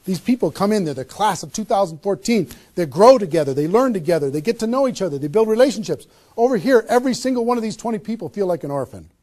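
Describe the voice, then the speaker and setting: High-voiced energetic man giving a sales seminar. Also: fast talker. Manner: energetic, emphatic, rhetorical questions. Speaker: network marketing trainer. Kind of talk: motivational seminar talk. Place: seminar room with a small audience.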